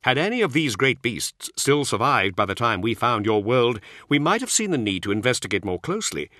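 A man voicing a calm, dry-witted scholarly monk who reasons coolly. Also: mid-range voice, fairly quick, dry recording, voice pushed up. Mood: reasoning.

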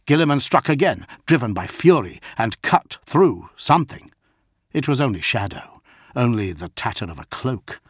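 A man reads an audiobook slowly and deliberately, with a gravelly, fry-edged voice. The sound is dry and close, with no room around it. His delivery is measured and dramatic. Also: medium pitch, fairly bright tone, no echo. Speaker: audiobook narrator. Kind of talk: scripted audiobook narration.

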